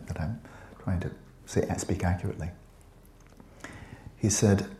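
A man's voice: deep voice, dark tone, echoey room. A man teaching Buddhism to students in a conversational, digressive way with playful asides. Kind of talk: dharma talk to students.

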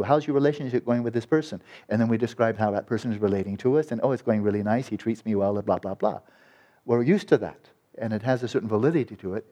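A male meditation teacher giving a dharma talk at a retreat, speaking gently and soothingly and often trailing off into soft repeated words. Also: medium pitch.

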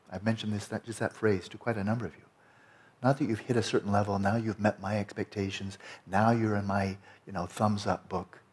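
A man teaching a meditation retreat in a relaxed, conversational way, often checking in with his listeners. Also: lowish voice, fairly quick. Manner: conversational, frequent "you know" and "right?".

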